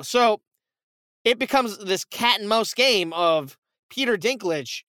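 A man retelling a movie plot in casual podcast chat, animated and swearing, acting out the characters' quoted lines. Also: high-pitched, dry recording. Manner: animated storytelling, swearing, quick quoted asides.

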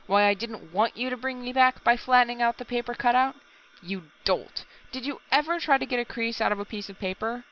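A woman's voice: lowish voice, normal speed, muffled recording, natural voice. Woman doing a furious bellowing lab boss. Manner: heated, shouting in bursts. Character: angry pompous male lab chief, bellowing.

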